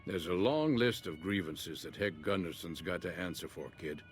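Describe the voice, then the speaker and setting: An actor playing a gruff, vengeful old male rancher in a game, with a folksy, blunt drawl. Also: sits low, expressive, normal speed, soft background music. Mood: bitter. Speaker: game character.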